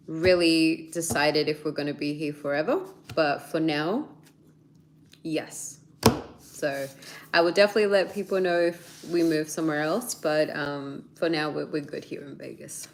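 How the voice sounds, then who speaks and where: A woman's voice: sits low, unhurried, slight background noise. A woman in her thirties with an Australian accent, chatting casually with viewers, laughing often as she answers their questions. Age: 30s. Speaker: YouTuber.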